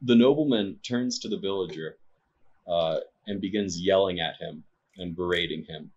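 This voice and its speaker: A man's voice: low-pitched, normal speed, darkish tone, husky, dull audio. A man narrating a tabletop game as game master, hesitant and full of fillers.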